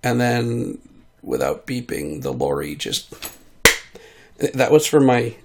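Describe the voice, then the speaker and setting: A man talks into a studio mic in a sick, hoarse voice, with a rough, gravelly fry. He hosts a casual solo monologue at an unhurried pace. He rambles and makes self-deprecating asides, and his voice stays husky and breathy throughout. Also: medium pitch, very animated, a little mellow. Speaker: podcast host and voice artist. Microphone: studio mic at home.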